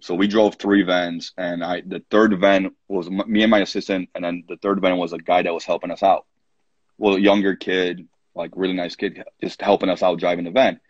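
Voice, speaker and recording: Husky-voiced man telling coaching stories. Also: low voice, a little fast, no echo, highs cut off. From Poland. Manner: animated anecdotes, acts out his own quoted lines, many fillers. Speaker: college soccer coach, podcast guest. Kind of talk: casual storytelling interview.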